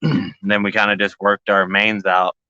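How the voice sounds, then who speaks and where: Bright, crisp-voiced man rambling. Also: lowish voice, level tone, moderate pace, dry recording, highs cut off. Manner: rambling, jokey, talks to his plants. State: short on sleep. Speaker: grow channel host. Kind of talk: casual walkthrough vlog.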